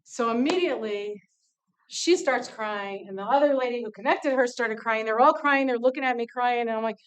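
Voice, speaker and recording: Candid woman telling a story, slightly high voice. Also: moderate pace, clear, resonant tone. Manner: lively, candid, acts out dialogue. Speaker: nonprofit CEO speaking to students. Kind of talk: casual storytelling talk.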